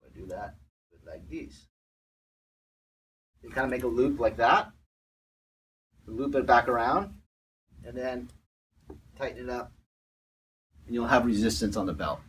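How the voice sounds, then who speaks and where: A man calmly talking through an exercise step by step as a fitness instructor, often repeating his words. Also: medium pitch, unhurried, long pauses, low-quality recording. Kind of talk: casual exercise demonstration.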